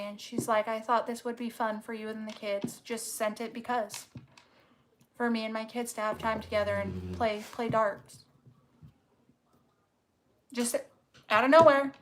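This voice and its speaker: A woman's voice: on the high side, fairly even intonation, slight background noise. Blunt, swearing woman reading tarot cards. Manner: blunt, swears freely, emphatic slowed stresses. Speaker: tarot reader. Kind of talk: casual tarot reading to camera.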